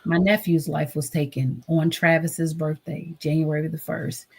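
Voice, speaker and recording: Husky low-voiced woman telling her story. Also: level tone, measured pace, darkish tone. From United States. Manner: earnest, acts out quoted voices. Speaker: guest, trauma advocate. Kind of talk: emotional personal storytelling.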